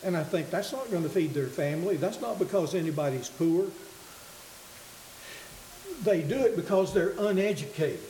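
A man preaching a sermon with a high, mellow voice. He talks earnestly and haltingly, restarting phrases as he goes. The room is echoey, with a faint hiss under the recording.

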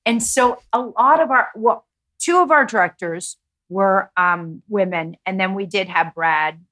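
A woman's voice: medium pitch, a little slow, fairly bright tone, rough recording. Middle-aged woman telling a rambling story. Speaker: guest, show creator. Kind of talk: casual podcast interview.

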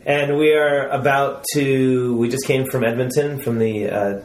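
A man's voice: mid-range voice, fairly even intonation, a little slow, slight background noise. Easygoing male interviewer in an echoey room. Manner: jokey, easygoing. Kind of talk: casual interview chat. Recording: roomy echo.

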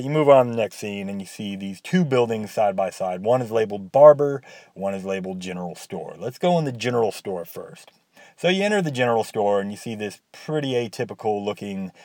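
Wry, mellow-voiced man reviewing a game. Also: on the low side, no room sound. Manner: rambling and wry, with sarcastic asides. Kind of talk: casual game commentary.

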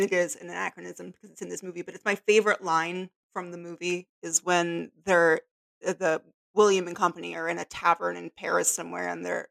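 A woman speaks as a guest on a casual film podcast, her voice carrying a gravelly texture. She is wry and quick to laugh, trading opinions in relaxed conversation. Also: on the low side. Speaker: guest author.

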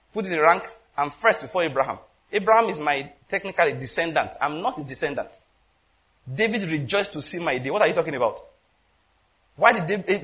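A man preaching a sermon with passion, swinging between loud emphasis and quiet asides, often asking the congregation rhetorical questions. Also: a little high.

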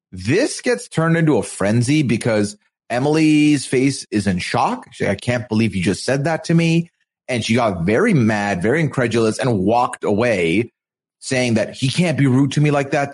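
A man co-hosting a podcast, chatting casually while recapping a reality show, with halting restarts and quotes he acts out. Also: mid-range voice, lively intonation. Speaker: podcast co-host.

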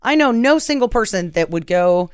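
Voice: mid-range voice, animated, normal speed, smooth, dry recording, studio quality. A guest on a casual movie podcast, wry and a little rambling in conversation. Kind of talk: casual movie review chat.

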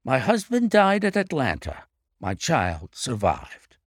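A man playing a young wife, high pitch, lively swings, pleading, storybook reading. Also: takes it slowly, no room sound, clean studio sound, exaggerated voice. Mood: proud.

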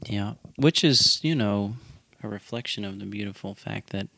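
A man co-hosting a casual faith podcast, explaining ideas in a measured, reflective way. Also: lowish voice, gravelly, pushed and bright. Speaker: podcast co-host.

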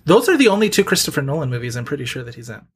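A man's voice: medium pitch, very animated, very fast, husky. A man co-hosting a podcast and running a movie quiz, chatty and full of fillers. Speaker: podcast co-host and quizmaster. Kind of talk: casual movie quiz chat.

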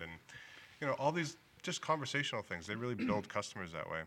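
A man's voice: on the low side, sing-song, fast talker, fairly bright tone, a little hiss or hum. A man with a New England accent, a liquor store owner telling his story in a casual interview, laughing easily. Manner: laughs easily, acts out quoted dialogue.

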